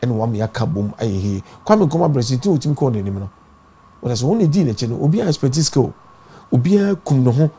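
A man's voice: mid-range voice, expressive, very fast, warm tone, husky. A Ghanaian man, a pastor and party founder, talking in an impassioned interview and rising into preacherly, emphatic bursts. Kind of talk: impassioned talk-show interview.

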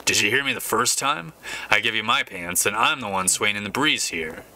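A man playing a gruff, blunt gangster. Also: on the low side, expressive, moderate pace, sharp tone, a little hiss or hum, full character voice.

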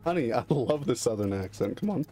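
A young man on a headset mic, trading crude jokes with a friend during an online game. He teases constantly, bursts out loudly now and then and laughs a lot, in an ordinary mid-range voice. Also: medium pitch, animated, a little fast, soft background music. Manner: teasing, loud outbursts, laughing often. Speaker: gamer and channel host. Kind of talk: crude joking voice chat while gaming.

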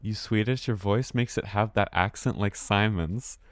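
A low-pitched American man chats his way through a live game stream. He stumbles over words, restarts them, and swears casually as he plays. His voice sounds dry and close, with no room around it. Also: moderate pace, no room sound. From United States. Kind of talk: live gameplay commentary.

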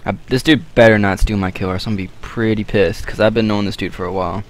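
A man giving casual, rambling gaming commentary while he plays, joking and getting excited at the action. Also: on the low side, fast, a little hiss or hum. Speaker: gameplay commentator.

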